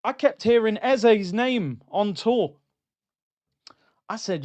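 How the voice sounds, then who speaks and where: A man hosting a casual fan livestream, animated and full of banter, repeating his phrases. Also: sits high, takes it slowly, pauses often. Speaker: livestream host. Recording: slightly dull lo-fi sound.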